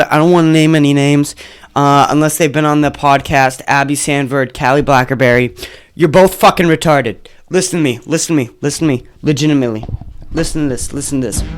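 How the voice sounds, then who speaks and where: A podcast host in a casual solo episode, ranting and swearing heavily, swinging between muttered asides and loud outbursts. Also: mid-range voice, clear, resonant tone. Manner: profane, heated ranting.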